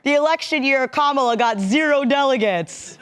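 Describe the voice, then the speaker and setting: A woman's voice: high voice, moderate pace. A woman hosting a television news segment in a playful, teasing way.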